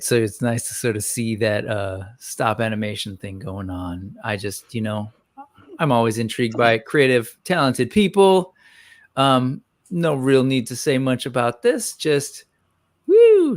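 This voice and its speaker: A man's voice: mid-range voice, a little slow, no room sound. Rambling upbeat male livestream host. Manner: rambling, upbeat, many ums, greets chat viewers by name. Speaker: host of a toy news livestream. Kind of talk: casual livestream chat.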